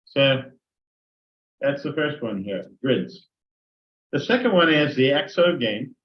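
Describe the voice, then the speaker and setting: A man's voice: mid-range voice, expressive, slow. Older man lecturing teachers, dull lo-fi sound. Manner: conversational, acts out sample dialogues. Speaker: teacher trainer. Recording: dull lo-fi recording.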